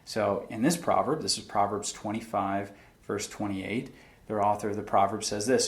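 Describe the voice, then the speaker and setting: A young man with a fairly low voice speaks at a moderate pace with fairly even intonation. As a faith video host, he gives an earnest, reflective talk to camera about faith and struggle, quoting scripture in a plain-spoken way.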